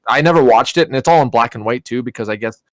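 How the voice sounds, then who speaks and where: A man's voice: mid-range voice, quick pace, no echo. A young man co-hosting a podcast, rambling through stories with plenty of swearing. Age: young adult. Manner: rambling, profane storytelling. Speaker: podcast co-host. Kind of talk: casual chat.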